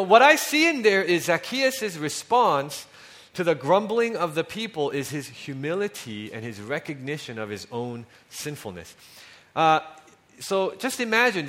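A male pastor preaches in a relaxed, conversational manner. His voice sits a little high for a man and moves a lot. He often drops soft and low on key lines. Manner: conversational, with frequent fillers and restarts, dropping soft on key lines. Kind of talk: sermon.

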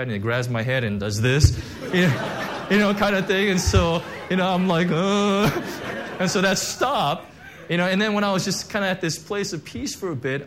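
A man's voice: medium pitch, a little hiss or hum. Earnest man preaching a testimony. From Korean heritage, church background. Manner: conversational, emotional, many fillers and restarts. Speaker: pastor. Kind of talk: sermon with personal testimony.

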